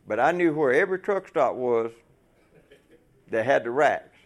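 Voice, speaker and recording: A man's voice: medium pitch, animated, a little slow, dull audio. A man preaching a folksy sermon to fellow truckers, asking the room rhetorical questions.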